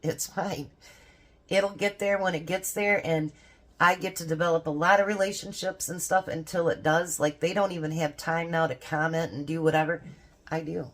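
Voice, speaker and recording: An older woman, a grandmother and homestead vlogger, chatting casually and rambling about faith and family, laughing often. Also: low-pitched. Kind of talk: casual devotional chat.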